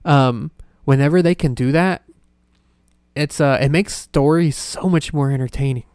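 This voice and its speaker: A man's voice: on the high side, normal speed, darkish tone, smooth, no echo, clean studio sound. A young man hosting a solo podcast, rambling and self-deprecating with plenty of swearing. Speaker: podcast host. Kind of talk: casual solo podcast rant.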